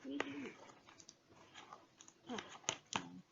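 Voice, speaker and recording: Excitable woman vlogger, gravelly voice. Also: high voice, drawn-out words. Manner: excitable, gushing, many fillers. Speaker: cross-stitch vlogger. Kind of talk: casual haul video chat. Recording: dull lo-fi sound with background noise.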